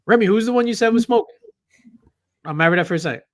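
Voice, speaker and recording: Tired, joking male host, swears freely; fairly high voice, dry close recording. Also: quick pace, dry recording. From half Italian, half Puerto Rican. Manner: loose, joking, swears freely, laughs a lot. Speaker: podcast host. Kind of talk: casual panel chat.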